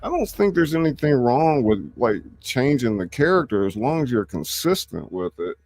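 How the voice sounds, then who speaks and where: A man's voice: medium pitch, very animated, normal speed, darkish tone, no echo. A man hosting and narrating a radio-play reading, chatting casually and rambling with lots of fillers. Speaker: host and narrator. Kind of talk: casual chat and script narration.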